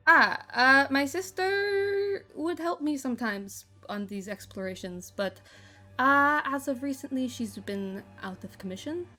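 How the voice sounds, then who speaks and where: A woman playing a tabletop game in character, halting and dry, with lots of fillers. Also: sits high, expressive, pushed and bright, faint music behind. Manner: halting, sarcastic, many fillers. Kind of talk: in-character role-play chat.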